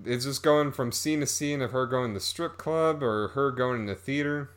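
A man's voice: medium pitch, moderate pace, hardly any pauses. A man reviewing a movie in a casual, rambling, sarcastic way, stopping to laugh at it.

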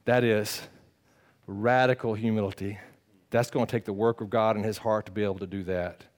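Animated preacher man. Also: on the low side, normal speed. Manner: animated, swings between loud bursts and quiet earnest talk; conversational, teasing the congregation. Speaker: pastor. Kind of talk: sermon.

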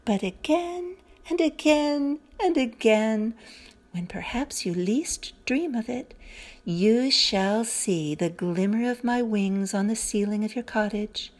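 A woman's voice: on the high side, slow pace. A woman voicing Hope, a sweet little female fairy who speaks kindly and cheerfully in a storybook reading. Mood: tender. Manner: soft, kind and coaxing.

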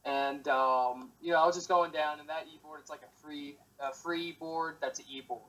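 A young man with a slightly high voice talks in a laid-back, rambling way. He leans on fillers and loose asides. It sounds like relaxed casual chat between friends. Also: moderate pace, poor audio.

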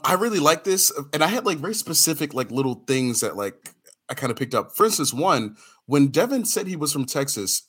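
A man chatting as a podcast panelist, animated and self-deprecating, breaking into laughs as he talks. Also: fairly high pitch, brisk, husky. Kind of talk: casual chat.

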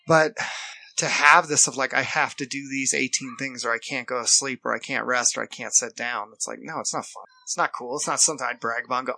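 A man's voice: mid-range voice, fairly even intonation, quick pace, creaky, sharp tone, no echo. A man co-hosting a podcast, talking earnestly in casual chat and acting out what other people say. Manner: earnest, quotes others in put-on voices. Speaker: podcast co-host.

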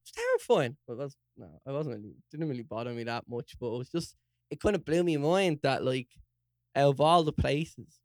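A young man with a Dublin accent, co-hosting a podcast, telling a story in an animated way, swearing and acting out quotes. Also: medium pitch, fairly quick, no echo, studio quality. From Ireland. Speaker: podcast co-host. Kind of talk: casual storytelling chat.

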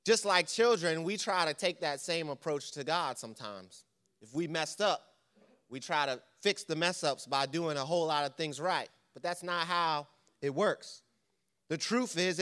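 A man's voice: on the high side, fairly bright tone, clear, resonant tone. A man preaching a church lesson, conversational and quizzing the congregation with questions. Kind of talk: sermon.

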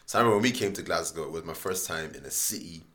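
A young man from Waterford with an Irish accent, telling stories in a casual chat, animated and slangy, laughing often. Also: deep voice, racing. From Ireland, Waterford.

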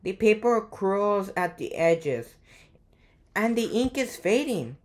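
A woman reading aloud as a puzzled male shopkeeper, halting and thoughtful, in a slow voice. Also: medium pitch, expressive.

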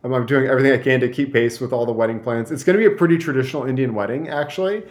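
A man's voice: medium pitch, very fast. A young man from Michigan, a guest telling a story in casual chat, rambling with many fillers and restarts.

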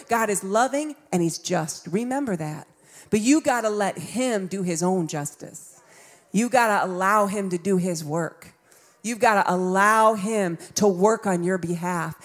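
A woman's voice: mid-range voice, lively intonation, a little slow. A woman in her fifties preaching a sermon in a conversational way, acting out voices and laughing along. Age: 50s. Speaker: pastor.

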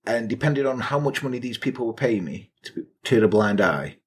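A man co-hosting a comedy podcast, telling a historical crime story with crude, sarcastic asides. His voice is husky and moves a lot in pitch. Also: lively intonation, fairly quick. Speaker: podcast co-host.

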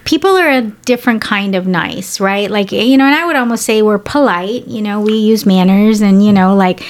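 A woman's voice: mid-range voice, moderate pace. A woman from San Antonio, Texas, co-hosting a podcast in casual chat, rambling with lots of fillers and cheerful swearing. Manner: chatty, profane, many fillers and restarts. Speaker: podcast co-host.

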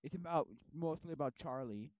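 A man's voice: a little high, fairly quick. A man in his early twenties, rambling casually and animatedly, acting out scenes as he talks. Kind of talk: casual chat. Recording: dull lo-fi sound.

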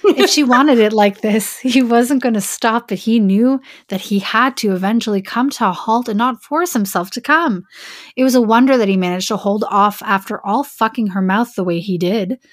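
A woman's voice: fairly high pitch, moderate pace, dry recording, studio quality. A woman podcast host reading an erotic story aloud and breaking off into joking asides.

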